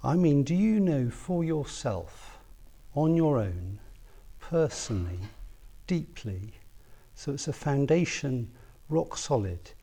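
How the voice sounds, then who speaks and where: Man, preacher, sermon, mellow tone, earnest, swings from loud emphasis to hushed. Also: fairly high pitch, very animated, slow. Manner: earnest, builds to emphatic peaks then drops soft.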